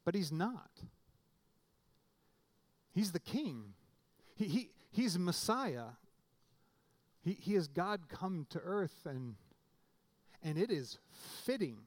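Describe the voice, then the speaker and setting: A man's voice: high-pitched, big pitch swings, slow, pauses often. A man preaching a sermon in a conversational way, often restarting phrases and rising suddenly for emphasis. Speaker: pastor.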